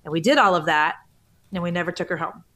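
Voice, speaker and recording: A woman's voice: fairly low pitch, fast, a bit bright. A woman in her forties, a guest author in a podcast interview, telling her story with a lot of emotion and close to tears. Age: 40s. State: tearful.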